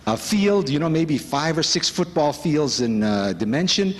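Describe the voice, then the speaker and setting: A man's voice: fairly high pitch, lively intonation, normal speed. Fervent man speaking in a reverberant hall. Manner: fervent and exclamatory, with many rhetorical questions. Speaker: speaker at a spiritual retreat. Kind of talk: inspirational spiritual talk. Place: large conference hall.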